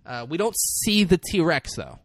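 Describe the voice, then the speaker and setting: A man casually recapping a movie plot, swearing freely and rattling through the scenes with quick quoted asides. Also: on the high side, no echo, studio quality. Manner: profane, animated retelling with quick quoted asides.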